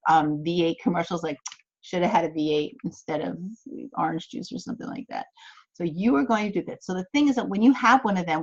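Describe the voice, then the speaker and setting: A woman's voice: medium pitch, husky, highs cut off. Chatty woman coaching a course. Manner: chatty, encouraging, acts out quoted thoughts. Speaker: business coach. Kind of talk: online course teaching. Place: her office.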